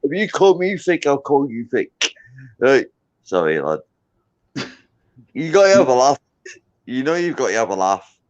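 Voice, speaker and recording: A man's voice: medium pitch, very animated, moderate pace, pauses often, darkish tone. Tipsy Scottish man, rambling banter. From Scotland. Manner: boisterous, rambling, drunken banter. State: tipsy with hiccups. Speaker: livestream guest. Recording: dull lo-fi sound.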